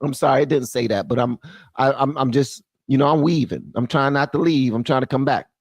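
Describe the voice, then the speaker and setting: A man's voice: medium pitch, brisk, no echo. A man hosting a live-stream commentary, reading quotes aloud and riffing on them in loose slang. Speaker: commentary channel host.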